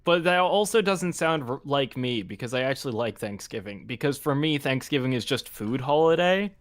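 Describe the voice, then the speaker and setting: A man co-hosting a casual online chat, relaxed and a bit hesitant. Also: mid-range voice, moderate pace, no room sound.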